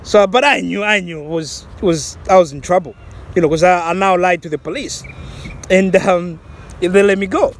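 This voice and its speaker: A man's voice: high voice, steady tone, normal speed. A man from Zambia casually telling a personal story, rambling with many restarts and fillers and laughing at himself. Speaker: vlogger.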